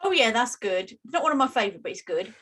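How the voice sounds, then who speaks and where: British woman chatting on a podcast, bit higher voice, laughs a lot. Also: big pitch swings, quick pace, a bit bright. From United Kingdom. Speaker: podcast co-host. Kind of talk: casual chat.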